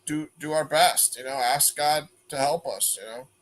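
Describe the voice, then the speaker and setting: A man hosting a panel and giving calm, faith-based advice, often calling people "man". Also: fairly high pitch, moderate pace, rough recording. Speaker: panel host.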